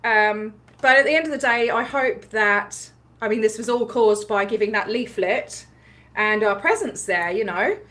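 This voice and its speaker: A woman with an Australian accent, telling a story in a casual livestream recap, chatty and animated, with many fillers and frequent laughs. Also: fairly high pitch, normal speed. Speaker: activist livestream host.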